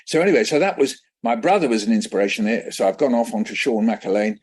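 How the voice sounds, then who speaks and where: A man in his seventies from England, a children's poet guest telling lively anecdotes in an interview and acting out the voices in them. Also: lowish voice, fast talker, breathy edge. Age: 70s. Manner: lively anecdotal storyteller who acts out voices. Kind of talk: conversational storytelling interview.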